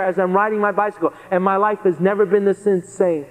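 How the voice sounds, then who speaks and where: Guy telling his testimony to a crowd, earnest and animated, high voice, big hall reverb. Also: a little fast, few pauses. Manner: earnest, animated, repeats phrases for emphasis. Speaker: guest speaker giving a testimony. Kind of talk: testimony sermon storytelling.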